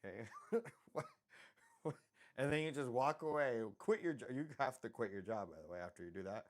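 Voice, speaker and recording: A man's voice: mid-range voice, expressive, normal speed. A young man streaming a live drawing session, rambling and joking with viewers, interrupting himself with asides and apologies. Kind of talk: rambling livestream chat while drawing.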